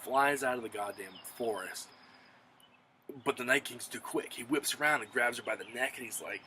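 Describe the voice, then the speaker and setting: A man casually reviewing a TV episode, retelling the plot in an excited, profane, rambling way. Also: medium pitch, normal speed, a little hiss or hum, low-quality recording. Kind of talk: casual spoken recap and review.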